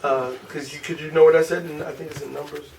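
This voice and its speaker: A man with a Chicago accent teaching a small group class, asking questions and slowly repeating syllables. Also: on the high side, level tone, gravelly, a little mellow. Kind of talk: informal group language lesson. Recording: distant room mic with faint noise.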